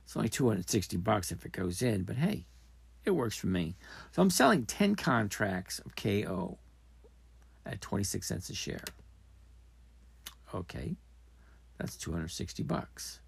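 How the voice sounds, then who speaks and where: A man with a low, gravelly, slightly husky voice hosts a casual solo podcast. He rambles, thinks aloud and corrects himself as he goes. The sound is close and dry, with no room around it. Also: big pitch swings, a little slow, long pauses, no room sound. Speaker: podcast host. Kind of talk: casual trading podcast talk.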